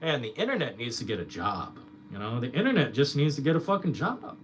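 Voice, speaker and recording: A man's voice: medium pitch, big pitch swings, fairly quick, a bit bright, a little hiss or hum. A young man streamer ranting in casual chat, swearing a lot and mocking his critics.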